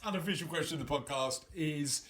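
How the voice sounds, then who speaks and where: A man's voice: a little high, brisk, fairly bright tone, slight background noise. A man co-hosting a podcast in casual chat, rambling and teasing with many restarts. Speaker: podcast co-host.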